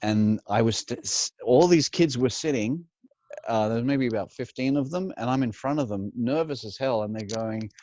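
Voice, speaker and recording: Telling stories in a relaxed interview, this Australian impressionist is chatty, laughs a lot and repeats words when starting out. He speaks at medium pitch and moderate pace with a warm tone, in a muffled recording without echo.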